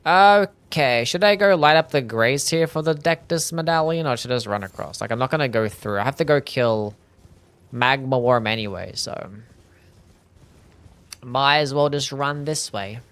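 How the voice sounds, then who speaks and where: A man's voice: mid-range voice, normal speed, fairly bright tone, smooth. A young Australian man with a mild Australian accent, chatting casually while streaming a game and answering his chat.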